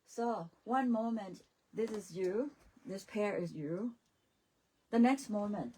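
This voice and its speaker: A woman's voice: mid-range voice, slightly rough, low-quality recording. A woman, a Buddhist nun, giving a dharma talk at a retreat, laughing often and repeating phrases, with slightly non-native English grammar. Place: retreat center teaching hall.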